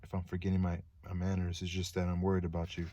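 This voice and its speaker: A man's voice: sits low, monotone, quick pace, warm tone, a little hiss or hum, close to an everyday voice. A man reading the lines of an anxious, formal male courtier in his own voice. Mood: urgent.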